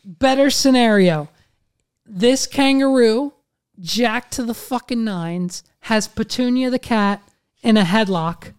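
A man hosting a casual chat, telling a story in an animated way and swearing constantly. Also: very high-pitched, slow, clean tone.

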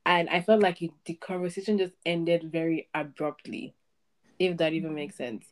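A woman's voice: fairly low pitch, fairly even intonation, moderate pace. A young woman hosting a casual podcast chat, talking freely with many fillers. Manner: chatty, lots of "like" fillers. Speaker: podcast host.

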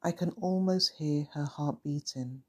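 A calm narrator tells a first-person story at an unhurried pace. The voice is husky and breathy, and the delivery is measured and reflective. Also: mid-range voice.

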